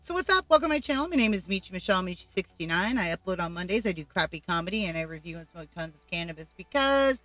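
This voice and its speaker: A woman's voice: on the low side, big pitch swings, fast, few pauses, fairly bright tone, no room sound. A middle-aged woman from Colombia, vlogging blunt, profane opinions in casual commentary. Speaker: YouTube vlogger.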